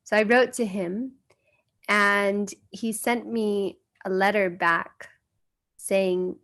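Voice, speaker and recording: A woman's voice: medium pitch, fairly even intonation, takes it slowly, a bit bright. An American woman from the United States, earnestly telling personal stories as a guest speaker and acting out the voices she quotes. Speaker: guest speaker sharing memories. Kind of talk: personal storytelling.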